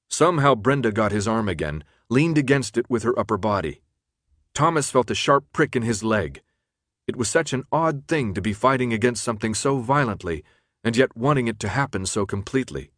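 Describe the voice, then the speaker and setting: This is scripted audiobook narration by a man with a mid-range voice, delivered evenly and deliberately. The recording is dry and studio-clean.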